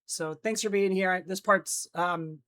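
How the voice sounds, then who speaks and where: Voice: mid-range voice, unhurried, sharp tone. A livestream host chatting casually with viewers and reading news stories, sounding drowsy after just waking up and restarting lines after slips, on a noise-cancelled streaming mic. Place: indoor streaming setup in Los Angeles.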